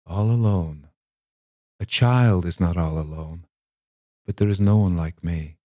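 A man reading a storybook, voicing a frail old lady who speaks softly and drearily, as if she will live forever. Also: sits low, measured pace, no room sound. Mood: dreary. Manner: soft, dreary and wistful.

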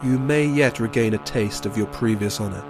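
A man voicing a fierce mother bear queen, speaking in a slow, measured and menacing way. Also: lowish voice, over music, close to an everyday voice. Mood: cold menace.

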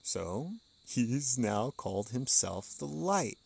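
A man's voice: medium pitch, very animated, slow, gravelly, a little mellow, husky, no echo. A man speaking outdoors on a porch, musing conversationally as a podcast host, chuckling often and reading passages aloud between his thoughts. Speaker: podcast host reading and explaining an occult text. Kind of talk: casual spoken commentary.

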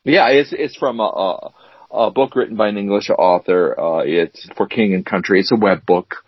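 A man's voice: on the low side, moderate pace, husky, dry recording. A man co-hosting a podcast, chatting casually and rambling with fillers and restarts. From United States. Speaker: podcast co-host. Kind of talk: casual chat. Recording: dry, dull lo-fi sound.

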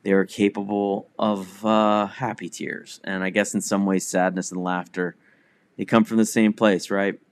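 A middle-aged father speaking in a reflective personal monologue, conversational, with restarts and soft laughs. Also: lowish voice, level tone, moderate pace, clear, resonant tone, no room sound. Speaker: newsletter writer and comedian.

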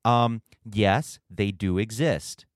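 A man's voice: fairly low pitch, slow, no echo, studio quality. A man hosting a podcast interview, speaking in a reflective, hesitant way and often restarting his phrases. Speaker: podcast host. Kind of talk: conversational interview.

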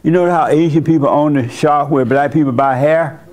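A male pastor hosting a church service, telling a story in a casual, animated way and laughing along with the room. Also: a little high, normal speed. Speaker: pastor and host. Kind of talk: sermon.

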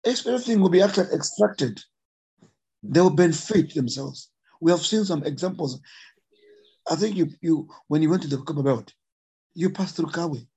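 A man's voice: fairly high pitch, animated, normal speed, long pauses, dark tone, slightly rough, rough recording. A man from Zambia with a Zambian accent, an emotional conservationist guest who speaks earnestly and repeats his points for emphasis. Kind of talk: impassioned interview talk.

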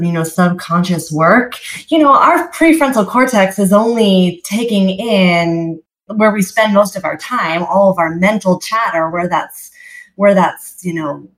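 A woman hosting an interview in a mid-range voice, with plenty of room echo around her. She chats casually and rambles a little, circling back with restarts before landing her point. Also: mid-range voice. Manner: rambling, many "I mean" and "you know" restarts. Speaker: podcast host. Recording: roomy echo.

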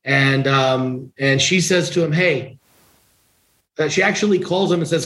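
A middle-aged man with a slightly raised pitch tells a story as a podcast guest. He speaks informally and conversationally. He brings each character to life with quoted lines. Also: a little slow, rough recording. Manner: conversational, animated anecdote-telling with quoted dialogue. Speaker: guest attorney. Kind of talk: casual storytelling interview.

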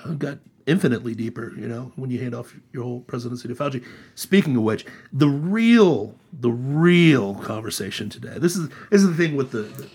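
A man hosting a casual political chat podcast, sarcastic and animated. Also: medium pitch, fairly quick, slightly rough. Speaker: podcast host.

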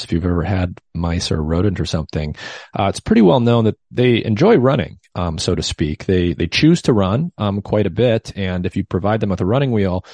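A man's voice: low voice, darkish tone, dry recording, clean studio sound. A man hosting a podcast interview, conversational and thinking aloud with fillers. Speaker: podcast host.

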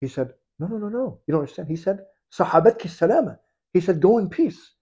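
Male preacher, storytelling sermon. Lively, high voice, swings loud to hushed, acts out quotes. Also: quick pace, husky, highs cut off.

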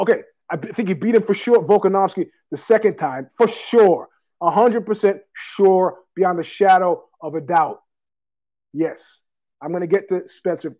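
A man's voice: high voice, a little mellow. A man hosting his own podcast, rambling through a profane, digressive monologue full of fillers, with a cough. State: has a cough. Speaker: podcast host.

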